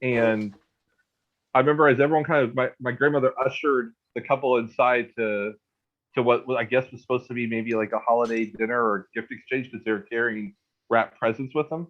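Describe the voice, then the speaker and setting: A man in his thirties rambles through a ghost story that happened to him, restarting, repeating words, and dropping "like" constantly in a casual storytelling style. His medium-pitched voice is steady and fairly quick, and the recording sounds muffled.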